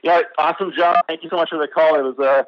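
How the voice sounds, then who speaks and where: A man with a steady, somewhat high voice speaks quickly over a dull lo-fi phone line with no room sound. He's calling in to a trivia quiz, thinking out loud and hesitating with fillers as he gives casual answers.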